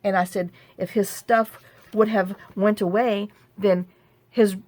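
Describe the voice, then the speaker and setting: A woman's voice: medium pitch, steady tone, slow, darkish tone, no room sound. A woman chatting casually at her craft table, venting in frustration and restarting often. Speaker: journaling crafter. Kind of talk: casual rambling chat.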